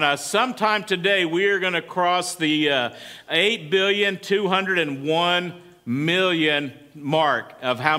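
A pastor preaching in an easy, chatty way, often turning to ask the congregation questions. His voice sits high for a man and has a bright, forceful edge. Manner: conversational, asks the congregation questions. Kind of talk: sermon.

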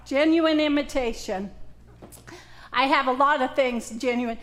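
Brief: Southern US woman preacher, high voice, bantering with her congregation. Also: a little slow, fairly bright tone. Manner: joking, interactive with congregation. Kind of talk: conversational sermon.

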